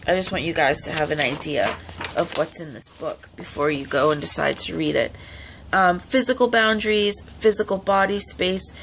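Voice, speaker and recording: A woman's voice: lowish voice, fairly bright tone. A young adult woman talking casually to camera as a vlogger, earnest and full of "um" fillers. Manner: frequent "um" fillers, earnest advice.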